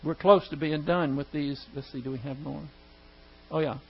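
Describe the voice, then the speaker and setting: A man's voice: fairly high pitch, fairly even intonation, normal speed, vocal fry, slightly rough, highs cut off. A man preaching and teaching, making emphatic points with rhetorical questions and acting out quoted dialogue. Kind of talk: sermon-style teaching with prayer.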